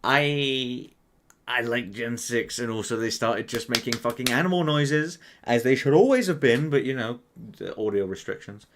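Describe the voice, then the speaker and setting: Speaking at a normal speed in a mid-range voice, the young man works through a computer quiz and narrates his thoughts with casual, self-mocking remarks and lots of cursing. There's slight background noise, and his mouse clicks can be heard distinctly.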